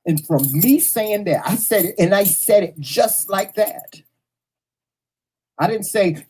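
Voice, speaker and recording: A man speaking to his audience in a mellow, husky voice. He tells a personal story bluntly, with cursing, and hammers his points home by repeating phrases. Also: high voice, lively intonation, unhurried, poor audio. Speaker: host. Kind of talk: casual storytelling monologue to viewers.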